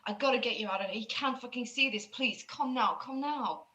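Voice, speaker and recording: A woman voicing a scared, desperate man who pleads in a hushed voice and swears. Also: fairly high pitch, a little fast. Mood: pleading.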